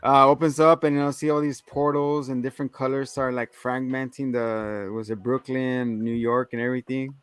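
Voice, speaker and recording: A man's voice: medium pitch, little pitch movement, normal speed, few pauses, a bit bright, clean tone, soft background music. Casual rambling guy recapping a movie. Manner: rambling recap, acts out quotes, swears. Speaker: podcast co-host. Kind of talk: casual movie review chat.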